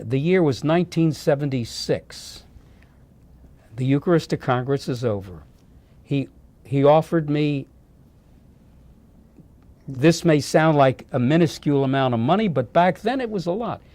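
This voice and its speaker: An older man, a talk show guest, telling a long personal story in a relaxed conversational way and jumping higher in pitch when he quotes other people. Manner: animated, lifts his pitch when quoting others.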